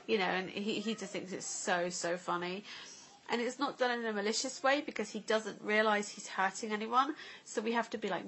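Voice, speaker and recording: A woman's voice: medium pitch, moderate pace, fairly bright tone, a little hiss or hum. A woman, a mother vlogging at home, chatting candidly to camera with lots of "like" and "you know". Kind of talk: casual chat to camera. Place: family home.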